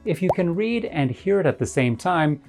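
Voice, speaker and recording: Low-voiced woman explaining an English lesson. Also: animated, moderate pace, a little mellow, faint music behind. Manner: clear, explanatory. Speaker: English teacher. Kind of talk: recorded lesson narration.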